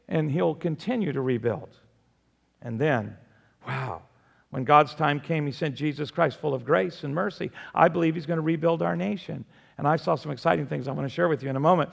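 Gravelly older male preacher in a hall. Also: a little high, lively intonation, normal speed. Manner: emphatic preaching, swings between loud and soft. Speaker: pastor. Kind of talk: sermon.

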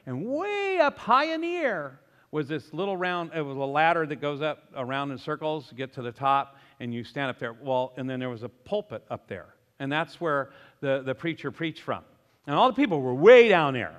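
Male pastor, sermon, animated and emphatic, bright voice with a long hall reverb. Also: fairly high pitch, moderate pace.

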